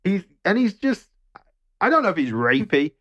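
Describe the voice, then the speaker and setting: A man co-hosting a casual film review podcast, animated and swearing, acting out lines from the film. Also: high-pitched, moderate pace, lo-fi sound, background noise. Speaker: podcast co-host.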